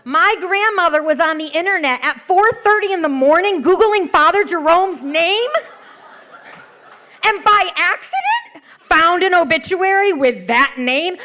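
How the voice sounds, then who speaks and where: A woman telling a funny personal story live on a theater stage, animated and laughing at her own lines. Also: extremely high pitch, measured pace.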